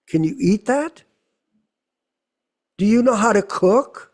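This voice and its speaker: A man's voice: high voice, animated, takes it slowly, long pauses. A middle-aged man giving a conversational sermon, full of rhetorical questions. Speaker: temple speaker.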